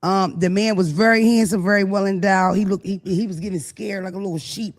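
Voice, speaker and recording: A man with a high, steady voice talks a little fast and barely pauses. He co-hosts a podcast full of crude, comedic casual chat, gossiping theatrically and quoting the people he discusses in mocking voices.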